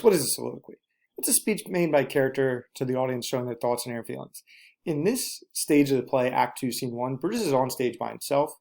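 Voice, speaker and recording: A male teacher talks his students through a recorded lesson. He speaks at a middle pitch, plainly and directly, and repeats key instructions for emphasis. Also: a little mellow.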